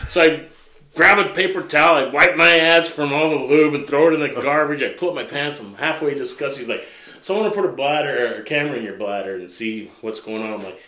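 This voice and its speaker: A man's voice: a little high, fast talker, roomy sound, rough recording. A man hosting a podcast, telling a crude story with lots of swearing, laughing as he goes among friends. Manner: profane, animated, laughing storyteller. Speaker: podcast host.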